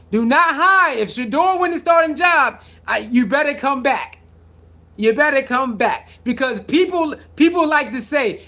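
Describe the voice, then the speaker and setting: A man's voice: very high voice, a bit bright. A man hosting a sports talk stream, arguing with his chat in casual slangy speech and hammering the same pointed rhetorical questions again and again. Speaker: sports talk show host. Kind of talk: live-stream commentary answering chat.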